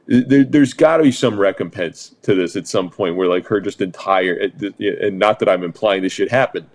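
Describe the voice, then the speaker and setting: A man co-hosting a podcast, talking fast and profanely, often slipping into mocking voices. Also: low-pitched. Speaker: podcast co-host. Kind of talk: casual chat.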